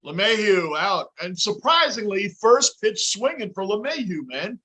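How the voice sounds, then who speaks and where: A male livestream host chatting casually with a guest. He grumbles and complains about the game. His voice sits high and sounds bright and forceful. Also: big pitch swings, unhurried, poor audio. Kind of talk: casual fan chat.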